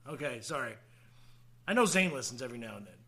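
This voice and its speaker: A man's voice: medium pitch, animated, fast talker, fairly bright tone. A man co-hosting a podcast in casual banter, teasing his guest and swearing often. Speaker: podcast co-host.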